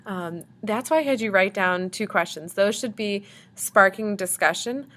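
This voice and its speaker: A woman teacher talks her class through the day's directions in a recorded video. Her voice sits at a middle pitch, and her delivery is chatty and friendly, filled with frequent ums. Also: normal speed, a bit bright. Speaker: language arts teacher.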